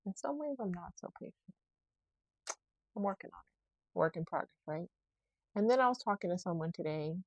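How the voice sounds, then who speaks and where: A woman's voice: on the low side, darkish tone, no room sound. A woman hosting her own podcast, talking through her week in a rambling, reflective way and often correcting herself mid-sentence. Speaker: podcast host. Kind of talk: casual solo podcast monologue.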